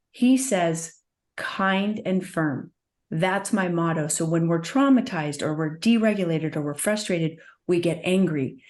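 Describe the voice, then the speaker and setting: A woman with a fairly low voice speaks as a trauma practitioner. She is earnest and soothing, and she coaches through calm, guided prompts. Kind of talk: guest in conversation, gentle coaching.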